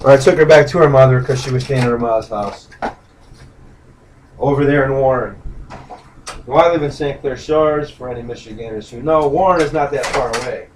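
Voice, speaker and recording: A man's voice: medium pitch, a little fast, a little hiss or hum, rough recording. A man casually recounting a personal story in a blunt, profane way, rambling with fillers and restarts. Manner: blunt, profane, indignant retelling. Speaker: vlogger.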